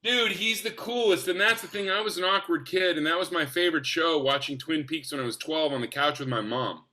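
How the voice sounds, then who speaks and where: Guest man, forties, bright and punchy, high-ish voice, enthusiastic storyteller on a casual podcast. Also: fairly quick. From Spokane, US. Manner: enthusiastic, animated, acts out quotes. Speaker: actor guest.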